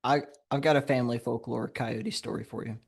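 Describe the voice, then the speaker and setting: Male podcast guest, grew up in Alabama, mid-range voice, spins an anecdote with lively laughs. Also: mid-range voice, a little fast, gravelly, breathy edge. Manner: lively anecdote telling, laughs while talking. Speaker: podcast guest, game designer. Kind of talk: casual conversational storytelling.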